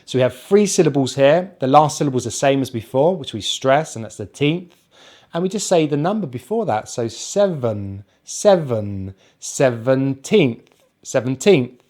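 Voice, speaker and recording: A man with a British accent teaching English pronunciation, saying each word slowly and repeating it for the listener. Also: a little high, animated, a little mellow. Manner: slow, careful, repeats words for drilling; counts on his hands as he talks. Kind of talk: pronunciation lesson.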